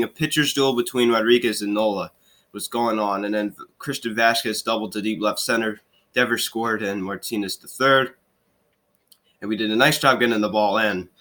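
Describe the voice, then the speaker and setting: A man's voice: fairly low pitch, sharp tone. A young man with a stuffy, sniffling voice, ranting in frustration while recapping a baseball game for his fan vlog. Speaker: fan vlogger recapping games.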